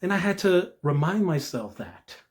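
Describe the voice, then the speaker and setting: Young man, slightly high voice, earnest devotional talk, conversational asides. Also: moderate pace. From New Jersey. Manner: earnest, lively rises in pitch, frequent "all right?" asides. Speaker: Christian video creator.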